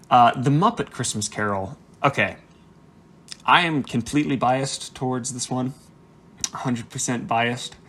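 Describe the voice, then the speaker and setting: A young man talks in a loose, rambling vlog chat at an ordinary middle pitch. He restarts his sentences and drops quick apologetic asides. Soft music plays faintly behind him. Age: young adult. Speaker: vlogger ranking movies. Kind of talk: casual chat.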